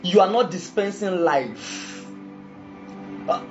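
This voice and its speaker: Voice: mid-range voice, expressive, takes it slowly, a little mellow, faint music behind. A preacher giving an emphatic sermon and often asking the congregation if they follow. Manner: emphatic, keeps asking the audience questions. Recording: dull lo-fi recording.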